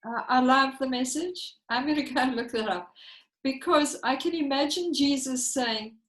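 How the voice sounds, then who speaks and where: High-pitched woman host laughing along, echoey room sound. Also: moderate pace, a bit bright. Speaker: podcast host. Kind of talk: casual chat.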